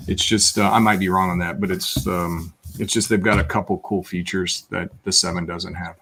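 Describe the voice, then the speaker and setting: A man's voice: sits low, steady tone, normal speed, a bit bright, slight background noise. A man speaking as a guest in a casual chat, hesitant with many ums and repeated words.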